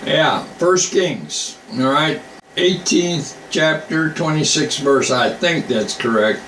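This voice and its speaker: A man's voice: fairly high pitch, animated, takes it slowly, fairly bright tone, distant mic. A man giving an informal Bible teaching on a live online broadcast. He talks in a folksy way, reading scripture aloud and then commenting on it in his own plain words. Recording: echoey room, voice from off mic, faint hum.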